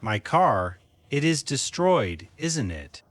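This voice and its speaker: A man playing a remorseful young husband after a drunk-driving crash, in a slow scripted learner's story, pleading and desperate. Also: medium pitch, very animated, no echo. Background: faint music.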